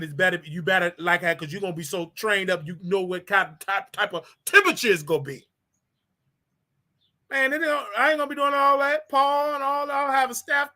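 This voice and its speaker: Man, livestream host, bright ringing voice, animated preachy rant, jokey, loud-to-quiet swings. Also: extremely high pitch.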